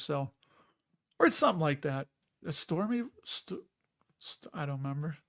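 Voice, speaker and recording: A man's voice: fairly high pitch, a little slow, pauses often. A man hosting a live stream, chatting in a casual, rambling way, a little tired, and reading viewer comments aloud.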